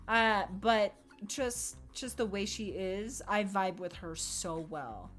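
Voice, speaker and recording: A woman's voice: medium pitch, expressive, slow pace, hardly any pauses, fairly bright tone. A young woman streaming, chatting casually and animatedly, laughing often, swearing and acting out quotes. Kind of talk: casual chat. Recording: faint music behind.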